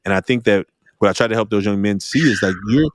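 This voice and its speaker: Animated man hosting a talk podcast. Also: quick pace, dry recording, studio quality. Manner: animated storyteller, jumps high when acting out exchanges. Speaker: podcast host. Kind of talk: conversational interview.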